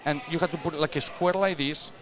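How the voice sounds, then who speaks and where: A man's voice: fairly high pitch, fast, crowd noise. A man from Spain with a Spanish accent, a cigar maker guest chatting casually in broken English at a cigar shop event. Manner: animated, broken English, joking. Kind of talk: casual chat.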